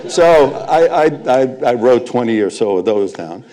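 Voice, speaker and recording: An older man, a veteran sportscaster, telling anecdotes on stage as a lively raconteur. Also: medium pitch, moderate pace, hardly any pauses. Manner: lively raconteur, chuckles between punchlines. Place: live event before an audience.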